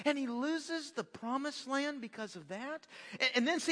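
A man preaching in a church, his voice pitched high and bright. He talks in an animated way, often stumbling and repeating words as he starts a sentence. Long reverb hangs behind him, as from a large hall. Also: brisk. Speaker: pastor. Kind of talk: sermon. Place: church sanctuary.

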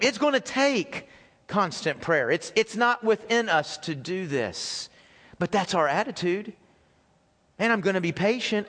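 A man's voice: high voice, fairly bright tone, big-room sound. A man preaching a sermon as pastor, talking conversationally, asking the congregation questions and repeating his phrases. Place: church sanctuary.

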